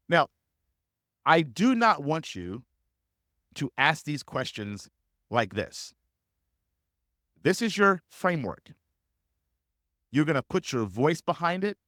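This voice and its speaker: A man's voice: a little high, very animated, a little slow, pauses often, fairly bright tone, no echo, clean studio sound. A man teaching sales as a coach in a live webinar, speaking emphatically and repeating key phrases to drive points home.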